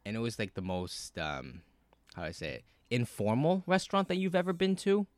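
A man telling a story in casual podcast chat, cursing a lot, with many fillers and animated bursts. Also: medium pitch, fairly quick, no room sound. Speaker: podcast co-host.

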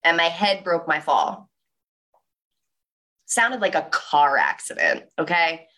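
A young woman giving a motivational talk, telling a personal story in an animated way with lots of "like". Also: sits low. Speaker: speaker.

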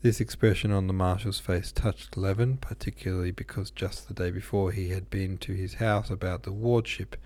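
A man's voice: sits low, steady tone, moderate pace, few pauses, a little mellow, no echo. A man reading a classic novel aloud, unpolished, with small slips and asides. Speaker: audiobook reader.

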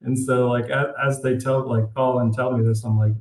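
Animated storytelling man, echoey room. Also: mid-range voice, fairly quick. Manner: animated, says "like" often, incredulous. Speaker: author guest. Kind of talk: casual storytelling interview. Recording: roomy echo.

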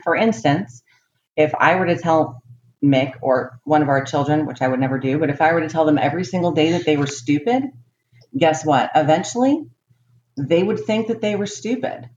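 A woman's voice: low voice, brisk, darkish tone, a little hiss or hum. A woman co-hosting a podcast, chiming in with casual conversational remarks. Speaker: podcast co-host. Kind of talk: casual chat. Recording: roomy, dull lo-fi audio.

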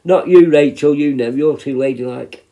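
A man's voice: medium pitch, normal speed, dark tone. A man in his fifties, a prison healthcare worker, tells stories in a rambling, sweary, casual way. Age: 50s. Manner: rambling and sweary, with many restarts. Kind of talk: casual storytelling.

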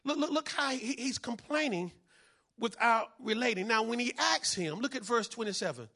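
Man, pastor, fiery sermon, very high voice, forceful tone, repeats phrases. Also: expressive, normal speed. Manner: fiery preaching, bursts into shouts, repeats key phrases; acts out the people in his story.

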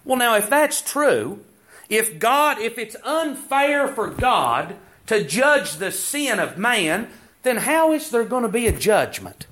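Slow, animated preacher man. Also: sits high. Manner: preaching cadence, rhetorical questions, quoting scripture. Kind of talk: sermon.

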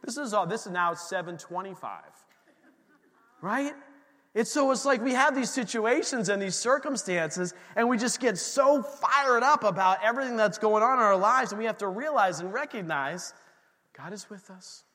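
A man's voice: high voice, animated, normal speed, pushed and bright, in a large hall. A middle-aged man, a pastor, preaching a sermon and telling a story, acting out his own reactions.

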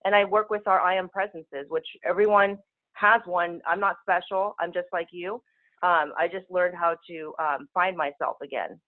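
A woman speaking as a spiritual healer guest, talking very fast in casual, rushing speech over a telephone call-in. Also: lowish voice, fairly even intonation. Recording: tinny phone line.

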